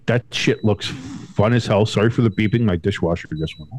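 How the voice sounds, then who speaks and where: A man co-hosting a casual sports podcast from home, talking in an animated, profane way and mocking others in high put-on voices. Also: moderate pace, slight background noise. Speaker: podcast co-host.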